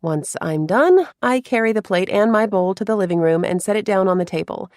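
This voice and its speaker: A woman narrating a first-person romance story in a soft, confiding way, with hushed asides. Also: mid-range voice, lively intonation, fairly quick, dry recording, studio quality.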